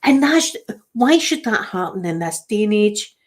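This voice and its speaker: A Scottish woman hosts a relaxed livestream chat. She rambles and restarts her sentences often as she talks to her viewers. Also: medium pitch, moderate pace. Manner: chatty, rambling, frequent restarts. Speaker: livestream host. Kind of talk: casual chat.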